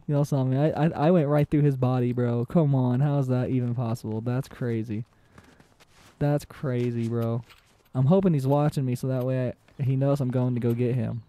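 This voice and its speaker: A man giving excitable, casual commentary on his own gameplay, repeating short phrases and shouting in tense moments. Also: medium pitch, normal speed, no echo. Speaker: gaming channel host.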